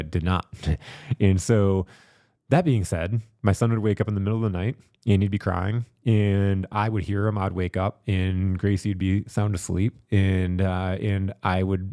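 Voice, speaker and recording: A man's voice: low voice, mellow, no echo, clean studio sound. A man hosting a podcast, telling candid personal stories in a rambling, reflective way with many repeated words. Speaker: podcast host. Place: studio.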